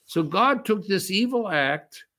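An older man preaching a sermon, reading scripture aloud with slow, emphatic stress and explaining it in a halting way with many restarts. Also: high voice, animated, bright, forceful tone. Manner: unhurried, halting with frequent restarts and fillers; reads quoted verses with slow emphatic stress. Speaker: pastor.

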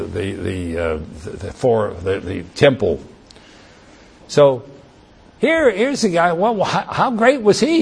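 A man preaching a sermon, reading Bible verses aloud and commenting on them in a halting way with many restarts. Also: medium pitch, creaky, husky.

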